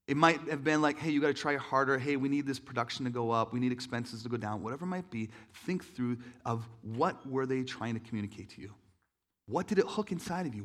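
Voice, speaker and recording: A man, a married father, giving a casual, chatty sermon as a pastor, joking and self-deprecating with lots of fillers. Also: medium pitch. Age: adult, married father.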